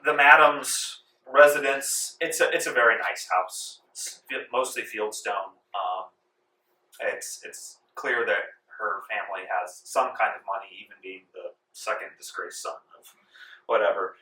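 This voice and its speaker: A man narrating a tabletop game as game master, relaxed with many fillers. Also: lowish voice, a little slow. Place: library room. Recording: echoey room from far off.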